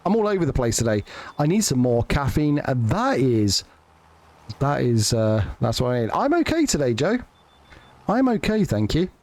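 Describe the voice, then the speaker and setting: A man's voice: mid-range voice, big pitch swings, moderate pace, a little mellow. A man live-streaming a farming game, chatting casually to viewers with jokes, swearing and lots of restarts. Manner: joking, sweary, rambling with restarts.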